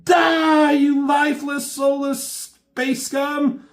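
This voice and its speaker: A man voicing a furious alien warrior woman in a high, shrieking shout. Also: little pitch movement, very slow, exaggerated voice. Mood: shrieking fury.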